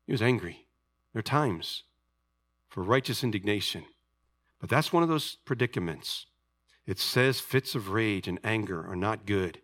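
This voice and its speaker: A man's voice: mid-range voice, lively intonation, moderate pace, a bit bright. A man preaching a sermon as pastor, emphatic and calling out to his congregation.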